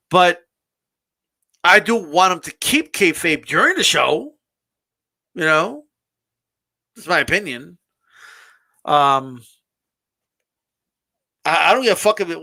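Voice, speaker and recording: High, bright-voiced man ranting casually. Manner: animated, repetitive restarts, swears casually. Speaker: streamer hosting a live wrestling talk.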